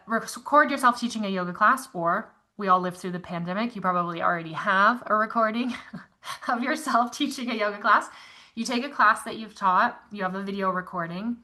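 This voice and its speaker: Woman, bright tone, chatty, encouraging, live online class, video call mic. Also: mid-range voice. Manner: chatty, encouraging, reads chat comments aloud. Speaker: yoga teacher leading an online class.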